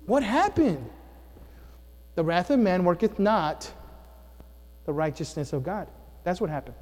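A pastor with a high voice preaches with emphasis, firing questions at his congregation. His voice rings with a long reverb through the church. He is a young man. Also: expressive, unhurried, a little mellow. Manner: emphatic, call-and-response with congregation. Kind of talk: sermon. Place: church sanctuary.

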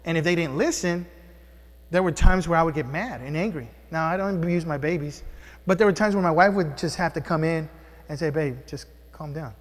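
Man, pastor, high voice, long church reverb, conversational sermon, asks the room questions. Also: brisk. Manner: conversational preaching with call-and-response questions. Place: church sanctuary.

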